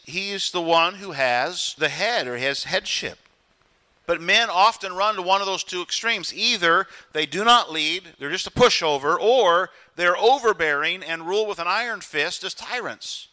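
A middle-aged man preaching a sermon as pastor, with emphatic delivery and quick acted-out voices. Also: sits high, pushed and bright.

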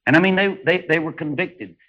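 A man preaching a revival sermon, swinging between hushed storytelling and high, shouted exclamations. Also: fairly quick. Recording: dull lo-fi old sermon recording.

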